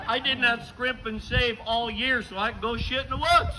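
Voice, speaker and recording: An older man from western New York doing a stand-up comedy set outdoors, telling stories in a deadpan way and acting out the dialogue. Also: extremely high pitch, a little fast, hardly any pauses, very noisy. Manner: deadpan storytelling with acted dialogue bits. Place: outdoor show with a live audience.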